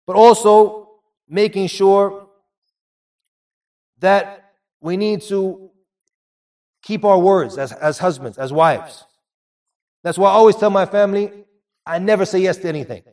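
Guy preaching a sermon, kinda high voice, sounds a bit far from the mic, repeats stuff for emphasis. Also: unhurried, long pauses, a little mellow. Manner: earnest, repeats phrases for emphasis.

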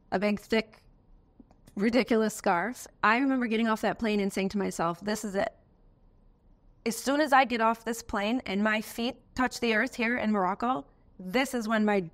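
Earnest American woman telling her story. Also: medium pitch. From United States. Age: adult, has a daughter. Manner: earnest, emotional, animated storytelling. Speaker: interviewee. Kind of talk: personal testimony interview.

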